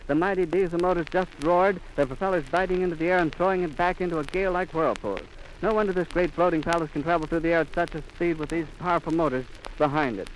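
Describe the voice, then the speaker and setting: A man's voice: fairly high pitch, quick pace, few pauses, low-quality recording. A man reporting live outdoors for radio in a florid announcer style, heard on a 1930s archive recording. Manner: frantic, sobbing, breathless outcry. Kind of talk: live on-the-spot radio commentary. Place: outdoors at an airfield in rain. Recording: 1930s archive recording with faint rain noise.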